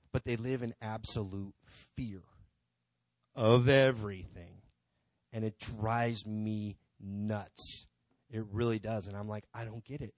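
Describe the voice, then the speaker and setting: A man's voice: medium pitch, no room sound. A man giving an informal testimony in a church, talking conversationally and rambling with many asides. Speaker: church member speaking from the pulpit. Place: church sanctuary.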